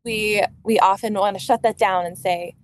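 A woman's voice: medium pitch, fairly even intonation, normal speed. A woman in her thirties hosting a parenting podcast, chatting enthusiastically and agreeing with her guest. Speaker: podcast host. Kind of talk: casual conversational interview.

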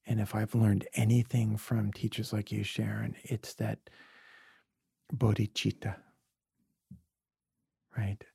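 Gravelly, husky man telling earnest stories. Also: on the low side, little pitch movement, normal speed, hardly any pauses, dark tone, no room sound, clean studio sound. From New York City. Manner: earnest, confessional storytelling, drops to near-whispers. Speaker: podcast guest. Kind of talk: reflective conversation.

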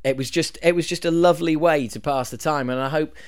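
A man's voice: fairly high pitch, fast talker, smooth. A man hosting a podcast, chatting enthusiastically with his guest. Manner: enthusiastic, chatty, reacts with laughs. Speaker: podcast host. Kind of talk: casual chat.

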